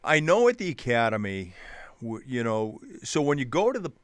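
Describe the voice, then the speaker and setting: A man, a police officer, telling an old traffic-stop story in a relaxed chat, restarting his sentences often. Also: medium pitch, normal speed, smooth, dry recording. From New Hampshire, US. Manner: rambling, many restarts, animated retelling. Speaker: police officer guest on a show. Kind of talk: casual storytelling.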